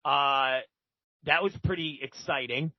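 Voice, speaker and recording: A man's voice: medium pitch, measured pace, no room sound, lo-fi sound. A man as a podcast guest, telling rambling, profane stories with many restarts. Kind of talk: casual storytelling.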